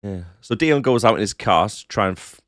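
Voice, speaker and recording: A man co-hosting a movie podcast, recapping scenes in a relaxed, dryly amused way. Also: lowish voice, brisk, no echo, studio quality. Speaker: podcast co-host. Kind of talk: casual movie-recap chat.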